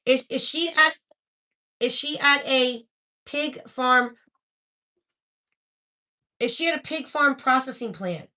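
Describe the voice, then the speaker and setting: A woman hosting a live-stream spirit box session, excitable and talking straight to her viewers. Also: high voice, slow pace, pauses often.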